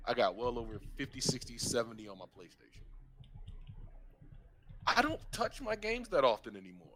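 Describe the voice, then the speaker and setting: A man's voice: mid-range voice, bright, forceful tone. A man co-hosting a casual gaming podcast, joking and chiming in with playful announcements. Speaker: podcast co-host. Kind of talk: casual chat.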